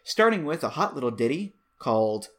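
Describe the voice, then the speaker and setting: Animated male podcast host. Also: mid-range voice, brisk. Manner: animated, playful, jokey asides. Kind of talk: casual solo podcast commentary.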